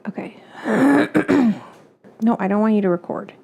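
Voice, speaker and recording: A woman's voice: on the high side, expressive, a little slow, vocal fry, darkish tone, slight background noise. A woman hosting a home cooking show in casual chat. She swears freely, keeps breaking into coughing fits, and baby-talks to her dog in her kitchen.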